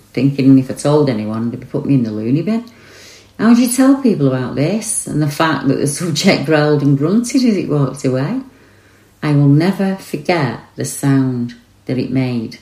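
A woman's voice: low voice, sing-song, dark tone, roomy sound, poor audio. A woman reading as a shaken eyewitness. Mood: earnest. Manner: earnest, rushed first-person retelling. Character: shaken eyewitness recalling a forest encounter.

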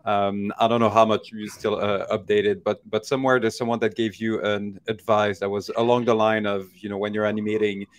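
A man's voice: on the low side, flat delivery, fairly quick, hardly any pauses. A man interviewing a guest in a casual chat, asking his question hesitantly with many fillers.

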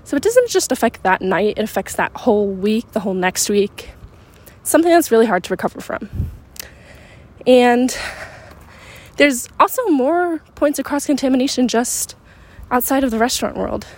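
A young woman hosting a podcast, chatting excitedly while out on a walk, a little out of breath. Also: a little high, normal speed, long pauses. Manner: bubbly, rambling, excitable. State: slightly out of breath. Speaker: podcast host. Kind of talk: casual chat. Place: outdoors on a walk in a neighborhood, windy.

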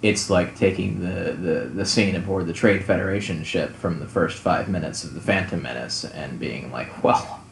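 A man's voice: deep voice, normal speed, gravelly, few pauses, reverberant, a little hiss or hum. A man in casual book discussion, hesitant and dry, making self-deprecating comparisons. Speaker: podcast co-host.

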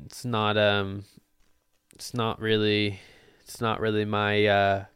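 Young man, podcast host, casual Q&A, jokey, swears, smooth tone, dry close sound. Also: on the low side, monotone, slow, fairly bright tone, dry recording. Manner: loose, jokey, swears freely. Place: Portland.

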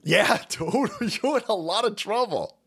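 A man's voice: high-pitched, animated, measured pace, gravelly, fairly bright tone, breathy edge. A man ranting on a political livestream, profane and mocking, often breaking into laughter. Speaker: political commentary streamer. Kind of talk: livestream rant.

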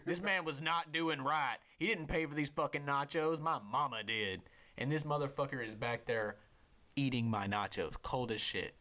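A young man, a podcast host, telling a casual, profane story with lots of energy and sometimes dropping to a hushed voice. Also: mid-range voice, normal speed. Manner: profane, animated storyteller who drops to a hushed voice for inner thoughts.

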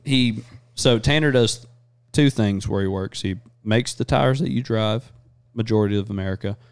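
A man hosting a podcast, chatting casually and crudely, rambling fast between jokes. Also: fairly low pitch, clear, resonant tone, no room sound. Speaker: podcast host. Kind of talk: casual chat.

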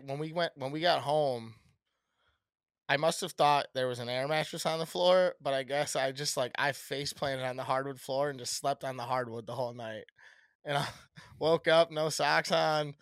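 A thirty-year-old man co-hosting a podcast, rambling and swearing freely in laid-back chat. His voice sits a little high, with a bright, forceful edge, recorded dry and close. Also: steady tone, moderate pace, dry recording. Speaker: podcast co-host. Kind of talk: casual chat.

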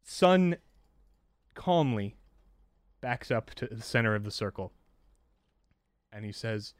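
A man narrates a tabletop game as its game master, loose and descriptive with small fillers. His voice sits at a middling pitch and sounds dry and close. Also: expressive, takes it slowly, long pauses, smooth, dry recording.

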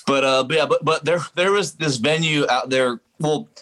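A man's voice: a little high, normal speed, fairly bright tone, poor audio. A man in casual chat, rambling with many fillers and restarts.

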